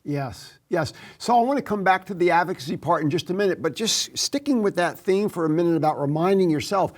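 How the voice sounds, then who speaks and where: A man hosting a podcast interview, asking measured, encouraging questions. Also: high voice, lively intonation. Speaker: podcast host.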